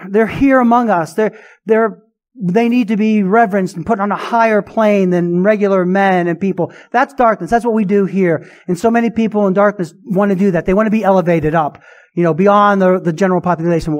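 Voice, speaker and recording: A man's voice: high voice, brisk. A male pastor preaching a sermon, emphatic and full of rhetorical questions.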